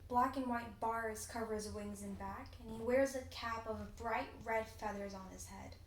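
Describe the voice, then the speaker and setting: A teenage girl reads a children's storybook aloud, expressive and deliberate. Her voice is fairly high. The recording is roomy and echoey, with a faint hum behind it. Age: teens. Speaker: storybook reader. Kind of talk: children's read-aloud narration.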